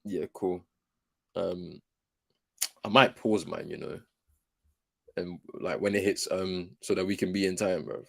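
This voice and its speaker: Low-voiced man, laid-back. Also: steady tone, measured pace, gravelly, pauses often, fairly bright tone. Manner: laid-back slangy banter. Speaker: co-host. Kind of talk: casual watchalong chat.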